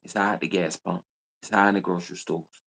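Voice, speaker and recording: Gravelly deep-voiced man ranting at viewers. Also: fairly even intonation, quick pace, a bit bright. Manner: scolding, repetitive, confrontational. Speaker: livestream host. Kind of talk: ranting livestream monologue.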